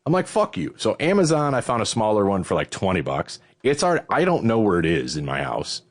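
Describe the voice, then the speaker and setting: Breathless, swearing middle-aged host, low voice. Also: male voice, a little fast. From Western New York. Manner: profane, animated storytelling with swooping pitch. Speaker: podcast host. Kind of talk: casual chat.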